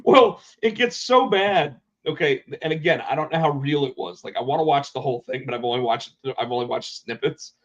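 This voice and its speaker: Animated man telling stories, lo-fi sound. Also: on the high side, fairly quick, hardly any pauses. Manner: animated storyteller, acts out quotes. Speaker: podcast co-host. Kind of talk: casual chat.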